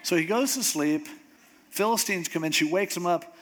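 A male preacher tells a story from the pulpit in a conversational, joking way. His voice sits a bit high, and he is animated, tossing off wry asides between the action. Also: normal speed. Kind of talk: humorous sermon storytelling.

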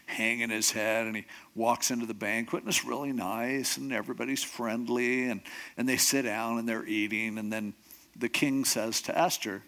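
A man preaching as a pastor, retelling a story in a lively, animated way and acting out the characters. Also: medium pitch, normal speed. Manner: animated, acts out characters with voices. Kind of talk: sermon storytelling.

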